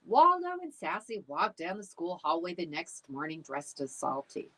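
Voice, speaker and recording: Role: library storytime reader. Style: reading a children's book aloud. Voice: low-pitched, husky, animated. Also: female voice, normal speed, low-quality recording.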